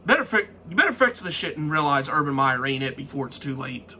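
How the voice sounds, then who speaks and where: A man's voice: a little high, very animated, quick pace, pushed and bright, a little hiss or hum. A young man in a profane, frustrated sports-fan rant who swears constantly and restarts his sentences.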